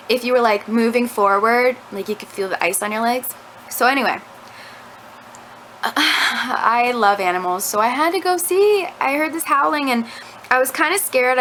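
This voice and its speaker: A woman's voice: mid-range voice, sharp tone, a little hiss or hum, poor audio. A young woman telling a rambling story to her camera at home, full of "like" fillers. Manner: chatty, rambling, lots of "like" fillers. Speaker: vlogger. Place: at home indoors. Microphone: camera mic.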